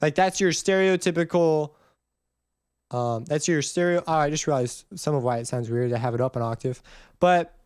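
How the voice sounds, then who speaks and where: A man giving a casual music theory lesson, rambling and correcting himself as he goes, and humming the notes out loud. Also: fairly high pitch, moderate pace, smooth. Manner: rambling, self-correcting, hums and counts notes aloud. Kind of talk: casual screen-recorded tutorial.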